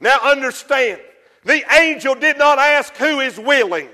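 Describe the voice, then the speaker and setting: A man preaching a sermon with passion, rising to shouts for emphasis. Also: very high-pitched, expressive, unhurried, big-room sound.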